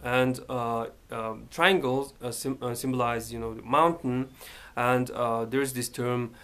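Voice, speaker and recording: A man's voice: mid-range voice, level tone, unhurried, fairly bright tone. A man from Mongolia, talking casually to camera in his bedroom, hesitant and full of fillers. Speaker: vlogger. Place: his bedroom, sitting by the bed.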